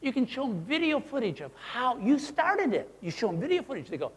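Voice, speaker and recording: A man presenting a teaching seminar, who talks in an animated way and acts out his examples in character voices. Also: very high-pitched, brisk, few pauses, breathy edge. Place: presentation room. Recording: long hall reverb.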